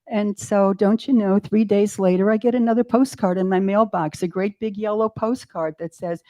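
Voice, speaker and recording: A woman in her eighties, a guest in an interview, telling her story in a casual, animated way and acting out her own doubting thoughts with self-mocking humor. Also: mid-range voice, moderate pace. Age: 80s. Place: retreat center in Mexico.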